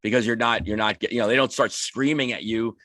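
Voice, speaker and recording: A man's voice: on the low side, fairly even intonation, fast talker, a bit bright, no echo, clean studio sound. A man on a hockey podcast panel, talking about coaching in casual chat, rambling with many restarts and repeated words.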